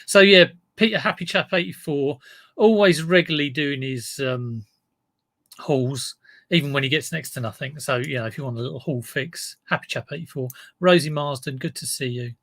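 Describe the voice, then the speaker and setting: A man's voice: a little high, normal speed, fairly bright tone, no room sound. A man, chatting casually on a live stream as an online reseller, greeting viewers by name and rambling into asides. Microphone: desk mic in front of him.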